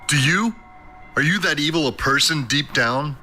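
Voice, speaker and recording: A volatile businessman passenger, as a male narrator plays him, ranting and swearing in a raised, sharp voice. He sounds cornered and desperate. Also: on the high side, moderate pace, soft background music, pitched above the performer's own voice. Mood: angry.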